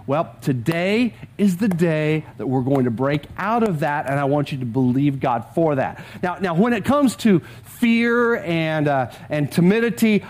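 High-voiced middle-aged pastor preaching. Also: male voice. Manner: storytelling, with frequent word repeats; chuckles often while talking. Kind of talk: sermon. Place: church service with a live congregation.

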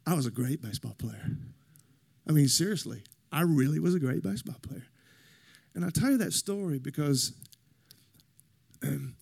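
A man's voice: a little high, vocal fry, darkish tone, breathy edge. A middle-aged man preaching a sermon, telling personal stories and acting out the voices in them, building to emphatic encouragement. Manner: storytelling, acts out quoted voices, rising to emphatic exhortation. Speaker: pastor.

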